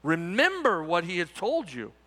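A man preaching in a church sanctuary, his voice high and animated, rising and falling through emphatic repetitions. The sound is bright and carries a long reverb from the hall around him. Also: moderate pace. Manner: emphatic preaching, frequent repetitions and rhetorical asides. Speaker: pastor. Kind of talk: Easter sermon.

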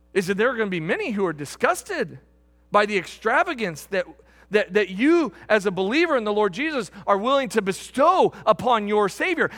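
A man preaching a sermon, swinging from loud bursts to hushed emphasis. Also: high voice. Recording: echoey hall with long reverb.

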